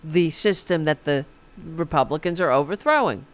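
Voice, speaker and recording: A man's voice: on the high side, normal speed. A man hosting a podcast, delivering a rambling, sarcastic political commentary monologue. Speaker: podcast host.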